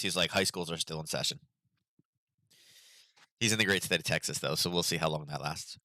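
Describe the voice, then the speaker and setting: Low-voiced, bright, chatty man. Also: no room sound. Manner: rambling, chatty storytelling with many fillers. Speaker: market analysis host. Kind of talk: casual livestream chat.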